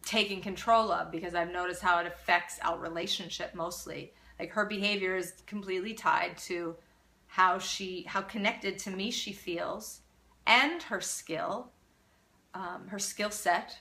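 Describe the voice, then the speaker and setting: A middle-aged woman speaks in a bright, clear voice as she hosts a live parenting Q&A. She is earnest and animated, reads out viewer comments and answers them at length. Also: medium pitch. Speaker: parenting coach hosting a live Q&A.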